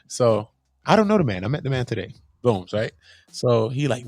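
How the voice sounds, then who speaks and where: A young man, casually telling a story as host, animated and swearing freely in street slang. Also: mid-range voice, normal speed, no echo.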